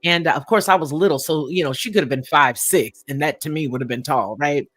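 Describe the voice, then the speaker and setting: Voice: mid-range voice, a little fast, fairly bright tone, no echo. A live-stream host telling a personal story in a reflective way, often chuckling and using fillers.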